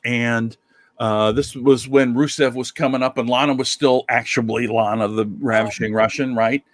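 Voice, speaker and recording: A man co-hosting a podcast, telling stories in casual chat with many halting restarts. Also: medium pitch, no echo. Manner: storytelling, halting restarts, animated when amused. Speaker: podcast co-host.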